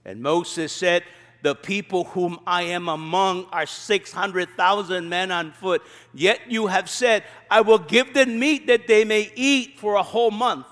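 A male pastor with a high voice delivers a sermon in a church, moving between scripture reading and pointed, sarcastic commentary. His voice carries a long reverb from the large room. He lifts his voice to act out the quoted lines. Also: a bit bright. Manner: reads scripture then preaches with sarcastic asides.

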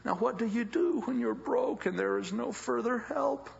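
Raspy husky preacher guy, dramatic folksy storytelling, muffled old tape. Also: very high-pitched, normal speed. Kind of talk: sermon.

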